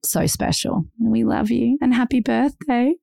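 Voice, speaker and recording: A woman's voice: on the high side, fairly even intonation, unhurried, vocal fry, mellow, no echo, clean studio sound. A woman co-hosting a podcast in casual chat, talking in an effusive, encouraging way. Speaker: podcast co-host.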